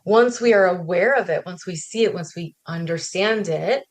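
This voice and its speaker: Woman on a podcast, kinda low voice, thinks out loud, says "right?" a lot. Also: moderate pace. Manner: reflective, often ends points with "right?". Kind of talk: podcast conversation.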